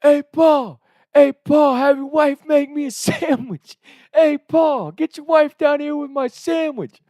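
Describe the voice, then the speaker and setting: Bratty high-school boys, shrieking taunts high and loud, strained strange tone, dry sound. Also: male voice, dry recording, full character voice. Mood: taunting yells. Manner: yelling, taunting, drawn-out. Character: rowdy teenage boys heckling a dad.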